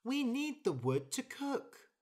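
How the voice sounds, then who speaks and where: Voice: sits high, big pitch swings, slow pace, darkish tone, voice pushed up, exaggerated voice. A storyteller voicing a small, timid female mouse who sounds worried.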